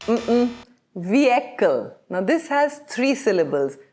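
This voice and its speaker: A woman teaching English pronunciation, drilling words slowly and with careful enunciation, putting questioning tones on the wrong versions. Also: on the high side, expressive, darkish tone, faint music behind. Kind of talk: scripted pronunciation lesson.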